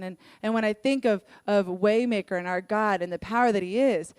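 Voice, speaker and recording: Young woman, church worship leader, sermon told through candid personal stories; clear, smooth voice; dry recording. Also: medium pitch, a little fast, no echo. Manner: earnest, candid storytelling with lively acted-out quotes.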